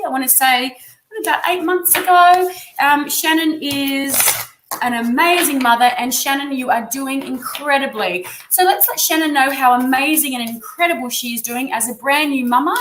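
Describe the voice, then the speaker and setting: A woman's voice: high voice, normal speed, fairly bright tone, slight background noise. A woman with an Australian accent giving effusive, encouraging tarot readings on a live stream. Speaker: tarot reader. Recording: echoey room sound.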